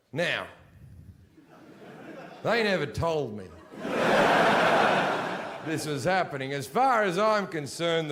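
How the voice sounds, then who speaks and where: A middle-aged man doing stand-up comedy on a stage, telling brash, profane stories and jumping to shouted punchlines, through a handheld mic. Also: on the high side, very noisy. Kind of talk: stand-up storytelling. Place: comedy stage before a laughing audience. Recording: live show audio with loud audience laughter.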